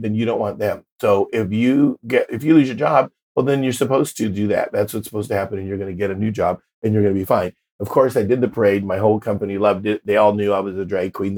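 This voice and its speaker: A man in his fifties, a drag performer, telling stories in a casual interview and acting out the voices of the people he quotes. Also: mid-range voice. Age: 50s. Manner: animated storyteller, acts out quoted voices.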